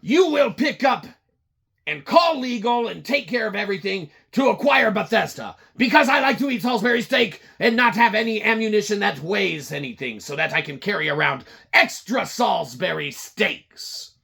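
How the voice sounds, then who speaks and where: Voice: mid-range voice, lively intonation, normal speed, creaky, sharp tone, husky, pitched above the performer's own voice, full character voice. A podcaster doing a comedic impression of a pompous male gaming executive who barks commands at his staff. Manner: grandiose, barking commands. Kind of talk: comedic reenactment.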